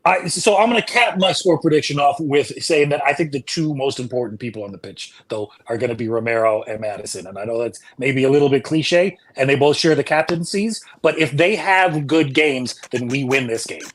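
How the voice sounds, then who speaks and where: A man's voice: medium pitch, fairly quick, hardly any pauses. A man on a video call as a panelist, chatty and analytical, often saying "man". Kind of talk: casual fan-show chat.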